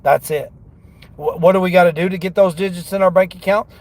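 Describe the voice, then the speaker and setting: Brief: gravelly, slightly high-voiced man, rambling motivational talk from his car. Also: steady tone, fairly quick, darkish tone. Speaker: delivery driver vlogger. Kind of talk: casual talk while driving.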